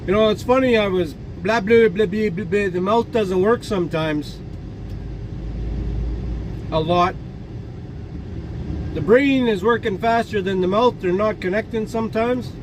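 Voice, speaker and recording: A man's voice: high-pitched, measured pace, pauses often. A man in his forties chatting casually in a trucking vlog, telling rambling jokey stories with fillers and laughs. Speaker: trucker vlogger. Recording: faint outdoor traffic noise.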